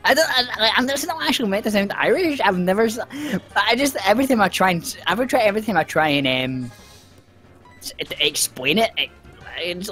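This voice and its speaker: A man's voice: fairly high pitch, a bit bright. A man bantering in a voice chat, rambling and cutting himself off, swearing casually. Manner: rambling, self-interrupting, swears. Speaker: voice chat guest. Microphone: voice chat headset.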